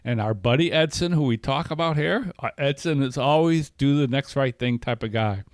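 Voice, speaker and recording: A man's voice: mid-range voice, normal speed, no echo. A middle-aged man talking candidly in a casual podcast conversation, telling personal stories with many fillers and restarts. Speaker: podcast co-host.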